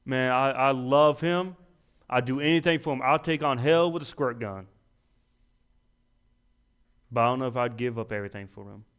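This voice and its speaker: A man's voice: mid-range voice, normal speed, pauses often, a bit bright, clear, resonant tone. A young man preaching a sermon in a folksy, self-deprecating way, rising to emphatic peaks.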